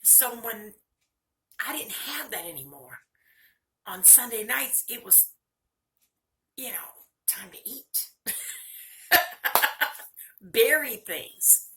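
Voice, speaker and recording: A woman's voice: medium pitch, lively intonation, takes it slowly, pauses often, pushed and bright. An older woman talking candidly and earnestly in a personal video monologue, speaking straight to her viewers. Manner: candid, earnest, close to tears at times. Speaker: vlogger.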